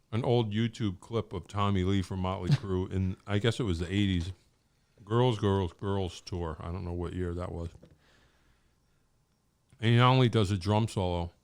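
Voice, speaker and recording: Lower-voiced man with dry humor. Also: darkish tone, clean tone. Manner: dry, joking self-deprecation. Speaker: podcast host. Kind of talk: casual podcast chat.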